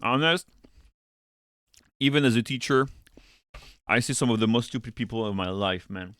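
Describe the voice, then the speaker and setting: A man's voice: medium pitch, moderate pace, fairly bright tone, dry recording, studio quality. A man who works as a teacher, chatting casually and profanely with viewers on a live stream while he works, rambling from topic to topic.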